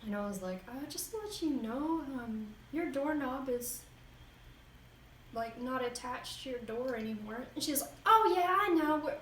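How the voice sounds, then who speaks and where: A woman tells a story in a lively, casual way, breaking into laughter often. She sits some way back from the microphone in a roomy, echoing room. A faint hiss hangs under her voice. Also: a little high, moderate pace. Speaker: vlogger. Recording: roomy echo, distant mic, faint noise.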